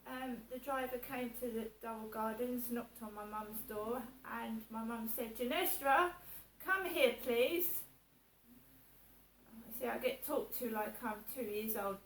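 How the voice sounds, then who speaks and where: A woman's voice: a little high, little pitch movement, moderate pace, hardly any pauses, slight background noise. A woman talking casually to camera in a personal vlog, chatty and repeating herself as she acts out what others said. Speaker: vlogger. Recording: echoey room, voice a little distant, faint background ambience.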